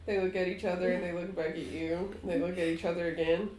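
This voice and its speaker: A woman narrating a tabletop game as game master, slow and halting. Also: on the low side, level tone, darkish tone, slight background noise. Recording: roomy echo.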